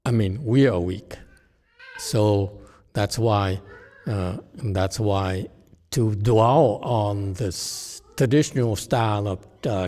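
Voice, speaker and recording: Slow-spoken Buddhist teacher, man. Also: lowish voice, a little mellow. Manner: halting, many restarts, rhetorical "okay?". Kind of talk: Dharma lecture answering questions. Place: temple lecture hall. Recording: long hall reverb.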